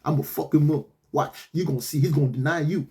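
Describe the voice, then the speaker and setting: A man doing a low, hushed scheming devil. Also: quick pace, natural voice.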